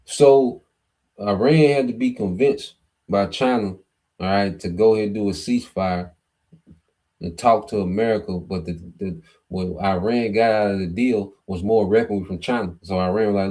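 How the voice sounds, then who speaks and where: Male streamer, lowish voice, off-the-cuff prophecy preaching, constant "okay" and "man" fillers. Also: normal speed, dark tone. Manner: peppers nearly every phrase with "okay", "man", "all right"; reads scripture aloud, then explains word by word. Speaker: host of a prophecy livestream. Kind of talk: livestream Bible prophecy commentary.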